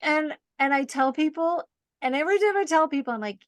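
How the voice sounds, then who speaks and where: Woman guest, lively storyteller with a high-ish voice, dry close mic, laughs through it. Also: a little fast, no room sound. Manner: animated, self-mocking, laughs often. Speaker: podcast guest, hypnotherapist. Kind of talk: casual storytelling.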